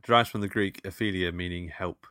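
A man's voice: sits low, fairly even intonation, a little fast, sharp tone, no room sound, clean studio sound. A man co-hosting a casual film podcast, reading out trivia questions and teasing his co-host. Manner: quizzing with playful banter.

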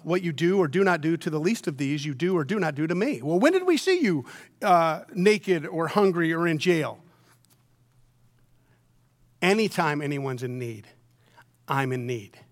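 A middle-aged male pastor delivering a sermon in a slightly higher-than-average voice. He drops to hushed, close tones for the serious points and then climbs to loud, emphatic peaks, so his delivery keeps rising and falling. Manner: dynamic, swings from near-whispers to loud emphatic peaks.

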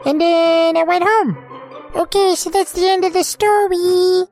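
A woman's voice: extremely high pitch, fairly even intonation, measured pace, a little mellow, dry recording, faint music behind, low-quality recording. A woman voicing an eager, childlike male forest creature who tells stories in a rambling, hesitant way full of ums. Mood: earnest. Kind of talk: comedic audio drama.

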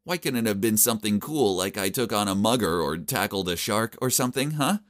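A man narrating a first-person story in a wry, animated way. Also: fairly low pitch, fairly quick.

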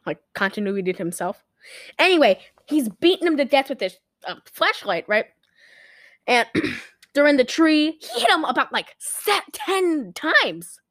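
A woman co-hosting a podcast, casually retelling a movie with animated storytelling and lots of fillers. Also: sits high, unhurried, dry recording, studio quality. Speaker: podcast co-host. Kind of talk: casual movie recap chat.

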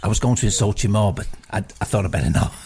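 A man's voice: on the low side, racing, dark tone, pitched below the performer's own voice, close to an everyday voice. A man playing a crude, boastful fake psychic in improvised comedy, swearing freely. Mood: brash, crude. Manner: swearing, brash, mock-mystical. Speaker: comic psychic character.

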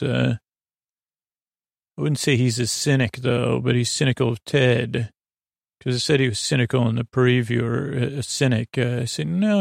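A man hosting a podcast, casually recapping a TV episode in a halting way, retelling scenes with many pauses. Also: mid-range voice, gravelly, no room sound, clean studio sound. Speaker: podcast host.

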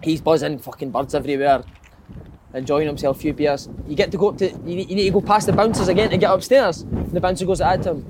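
High-voiced Scottish man, noisy background. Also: quick pace. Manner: lively storyteller, swears freely. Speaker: podcast host. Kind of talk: casual football chat.

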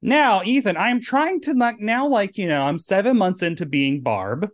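A man's voice: high voice, lively intonation, normal speed. A man from Tennessee with a Southern accent, hosting a podcast in a campy, rambling drag persona. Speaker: podcast host. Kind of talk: casual chat.

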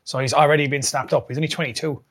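Male host, rapid-fire banter, slightly raised pitch. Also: steady tone, crowd noise. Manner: quick, joking, prods guests for opinions. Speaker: podcast host. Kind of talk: casual sports chat.

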